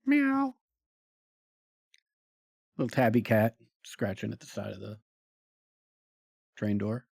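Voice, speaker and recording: A man narrating a tabletop role-playing game as game master, slow and hesitant with many pauses and fillers. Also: on the low side, level tone, gravelly, darkish tone, slightly rough, no room sound, studio quality.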